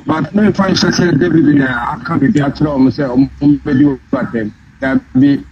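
A man's voice: fairly high pitch, expressive, normal speed, creaky, dull audio, a loud crowd. A man calling in to a live stream, talking casually and hesitantly with many fillers. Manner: hesitant, filler-heavy, mixes English and Twi. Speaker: caller. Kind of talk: casual phone-in chat.

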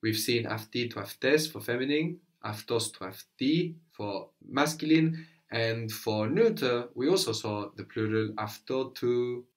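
A man's voice: medium pitch, lively intonation, measured pace. A man teaching a language one-to-one, prompting his student with questions and brief praise.

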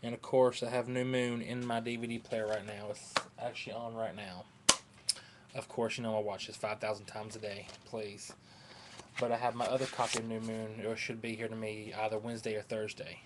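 A man with a twang chats to his webcam from home, scattered and hyper even though he's running on no sleep. His pitch sits mid-range, and there's a faint hiss of room noise behind him. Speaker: vlogger. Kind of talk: rambling casual webcam chat.

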